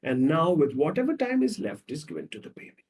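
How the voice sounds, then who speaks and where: A male psychologist explaining ideas through animated storytelling and repetitive lists, acting out short scenes. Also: on the high side, a little fast, recorded from a distance. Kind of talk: explaining with acted examples.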